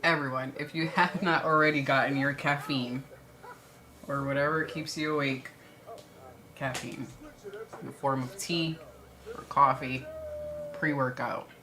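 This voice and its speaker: A woman's voice: very deep voice, fairly even intonation, a little slow, pauses often, a crowd in the background. Chatty woman with a light Brooklyn accent. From New York. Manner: chatty, laughs easily, answers viewer questions. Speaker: stream co-host. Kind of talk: casual livestream chat.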